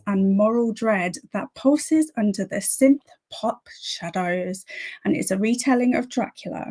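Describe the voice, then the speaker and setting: A woman's voice: medium pitch, a little mellow. A woman hosting a casual livestream, greeting viewers by name and chatting about her plans. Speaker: livestream host.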